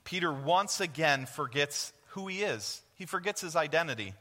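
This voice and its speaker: A man preaching with a bright, forceful voice, earnest and direct, often asking the congregation a question and answering it himself. His words ring out with a long reverb from the church hall around him. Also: a little high, animated, normal speed. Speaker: guest preacher. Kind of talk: sermon. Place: church sanctuary.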